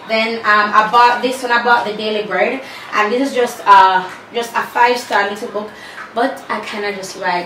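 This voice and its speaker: A woman's voice: mid-range voice, fairly bright tone. A woman vlogging in casual chat, showing what is in her bag, with sassy asides to viewers. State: out of breath. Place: room at home with a fan. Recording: echoey room, far from the mic, faint hum.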